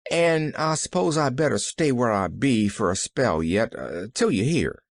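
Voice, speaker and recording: A man's voice: mid-range voice, sing-song, unhurried, gravelly, dry recording, clean studio sound. A man voicing a poor, proud country boy speaking in folksy dialect. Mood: wistful.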